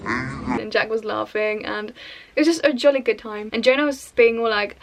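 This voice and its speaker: A woman's voice: fairly high pitch, animated. A young woman from Sweden, a native Swedish speaker, telling a story as a chatty, gushing vlogger. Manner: chatty, gushing, quoting others in quick bursts. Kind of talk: storytelling vlog voice-over.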